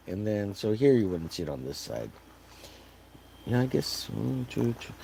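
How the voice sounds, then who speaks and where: A man's voice: on the low side, wildly swooping pitch, normal speed, gravelly, mellow, husky. A man casually chatting to his live-stream viewers while painting, muttering to himself and cracking silly jokes. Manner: jokey, mumbling to himself, bursts of silly sing-song. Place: home studio with a video playing in the background.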